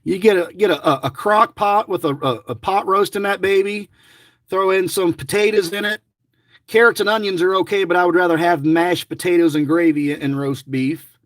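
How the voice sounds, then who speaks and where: A man's voice: sits high, fairly even intonation, normal speed, a bit bright, dry recording, clean studio sound. A middle-aged man giving chatty, rambling running commentary to his viewers, grumbling and joking as he goes. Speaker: lottery scratch-off vlogger.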